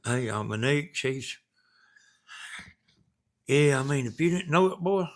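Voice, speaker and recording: A man's voice: mid-range voice, animated, measured pace. A man with a Southern US accent hosting a casual live stream, reading viewer messages and rambling in a folksy way.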